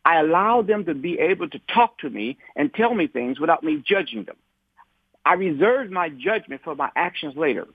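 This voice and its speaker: A husky, somewhat high-pitched man talking over a tinny, phone-like line with no room echo. He tells his story in a conversational way, stumbling over repeated words and voicing other people's lines as he retells them. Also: lively intonation, normal speed. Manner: repeats words and restarts often, acts out quoted dialogue. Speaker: civil rights activist guest.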